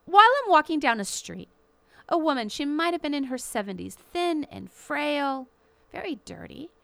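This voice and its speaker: A woman hosting a show, delivering an impassioned, indignant commentary with emphatic, drawn-out stresses. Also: high-pitched, very animated, gravelly, a bit bright, dry recording. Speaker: radio show host.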